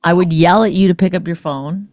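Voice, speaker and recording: A woman's voice: lowish voice, fairly quick, a little mellow, no echo. A woman with a Canadian accent co-hosting a podcast in casual chat, pressing her point with pointed, probing questions. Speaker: podcast co-host.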